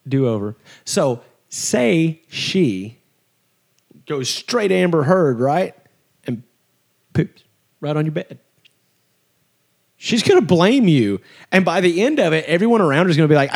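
A man's voice: fairly high pitch, a little slow, gravelly, long pauses. A young man co-hosting a podcast in casual chat, talking animatedly and acting out the people he quotes. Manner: animated, acts out quoted voices. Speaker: podcast co-host.

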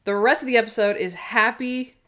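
A woman co-hosting a podcast in casual chat, animated and quick to act out lines from an episode. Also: on the high side. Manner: animated, quotes characters in quick bursts. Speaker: podcast co-host.

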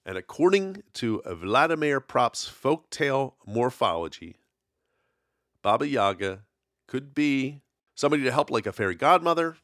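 A man's voice: medium pitch, very animated, moderate pace, a bit bright, no echo, clean studio sound. A man hosting a casual solo podcast, telling folklore in a rambling, conversational way with lots of fillers. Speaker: podcast host.

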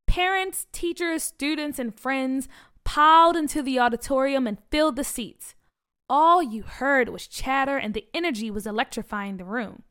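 A woman reads a children's story aloud in an expressive, animated way. Her voice sits fairly high and she gives the narration plenty of lift.

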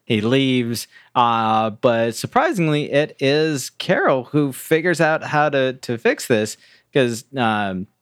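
Male podcast co-host, mid-pitched voice, close dry mic, easygoing plot recap. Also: takes it slowly, no echo. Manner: relaxed storytelling with filler words. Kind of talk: casual movie review chat.

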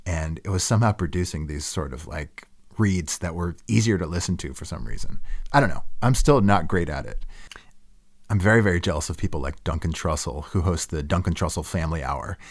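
A man's voice: low-pitched, lively intonation, a little fast. A man hosting a podcast, talking casually and self-deprecatingly about his own work. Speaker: podcast host. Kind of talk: casual reflective monologue.

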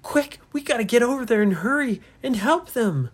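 A woman's voice: expressive, a little slow, breathy edge. A woman doing an urgent little boy captain. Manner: urgent, loud and high.

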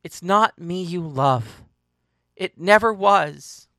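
A storyteller voicing a distraught young woman who pleads slowly and insistently that she is not the person mistaken for her. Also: mid-range voice, lively intonation, a bit bright, dry recording, clean studio sound. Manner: pleading, insistent, slow and emphatic. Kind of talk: dramatic audiobook reading.

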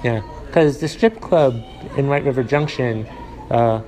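A man's voice: mid-range voice, measured pace, poor audio. Rambling New man podcasting solo. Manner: rambling, deadpan, many fillers and restarts. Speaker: podcast host. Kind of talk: casual solo podcast monologue.

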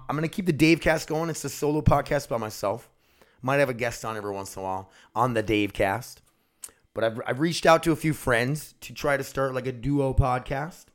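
A young man hosting his own solo podcast, talking in a loose, excitable, rambling way and swearing casually. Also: medium pitch, fairly quick. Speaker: podcast host.

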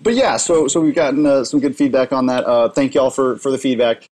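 A man co-hosting a podcast, laughing a lot and joking in an animated, playful way. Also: mid-range voice, fairly quick. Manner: giggly, animated, big laughs. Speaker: podcast co-host. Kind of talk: casual podcast banter.

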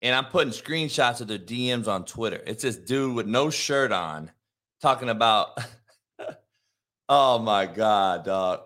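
A man hosting a live sports talk show, ranting combatively with heavy swearing and bursts of shouting. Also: lowish voice, lively intonation, takes it slowly. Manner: profane, combative, shouting rants.

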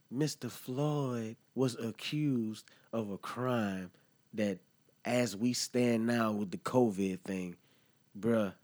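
A man's voice: fairly low pitch, darkish tone. Heated, profane man on a podcast. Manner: heated, profane, slangy, talks straight to listeners. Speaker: podcast host. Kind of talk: impassioned solo podcast commentary.

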